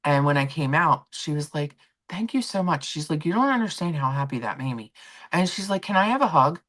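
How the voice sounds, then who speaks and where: Middle-aged female stream host, low voice, very animated pitch, chatty storyteller. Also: a little fast. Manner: chatty storyteller acting out quotes. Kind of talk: casual chat.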